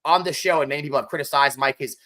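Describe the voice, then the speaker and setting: Man, podcast co-host, bright forceful voice, animated sports chat. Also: mid-range voice, very fast. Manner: animated, addresses co-host by name often.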